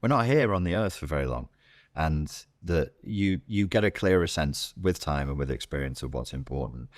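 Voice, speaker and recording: A middle-aged man with a Scouse accent talks bluntly and swears freely as a podcast guest. His voice sits very low, and the sound is dry and close. He often slips into acting out inner voices. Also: lively intonation, normal speed, dry recording. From Liverpool, England. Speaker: guest coach. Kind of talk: podcast interview.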